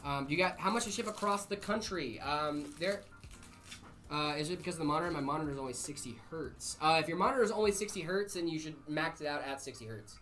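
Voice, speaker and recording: A man's voice: on the high side, quick pace, sharp tone. A man hosting a casual livestream, reading out viewer questions in a loose, chatty way. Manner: loose and chatty, says dude a lot. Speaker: livestream host.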